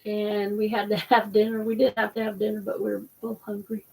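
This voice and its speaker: A woman's voice: mid-range voice, completely flat delivery, a little fast, gravelly, darkish tone, slightly rough, recorded from a distance, poor audio. A woman hosting a casual live stream, chatting in a rambling, apologetic way while eating dinner. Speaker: host.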